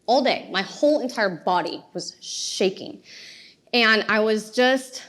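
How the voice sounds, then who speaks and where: A woman, giving a motivational talk and telling her story in an animated way with laughter. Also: mid-range voice, slow pace. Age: 30s. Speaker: speaker.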